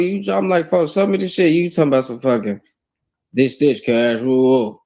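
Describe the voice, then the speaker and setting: A man's voice: medium pitch, normal speed, darkish tone, highs cut off. Blunt, profanity-heavy man telling stories. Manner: blunt, profane street talk. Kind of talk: casual storytelling.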